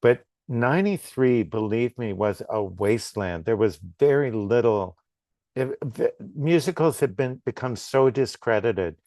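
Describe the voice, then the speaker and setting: A man's voice: medium pitch, lively intonation, darkish tone, no echo, clean studio sound. A middle-aged man, a film director, talking in a casual interview and often restarting his sentences. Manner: halting, repeats words when starting.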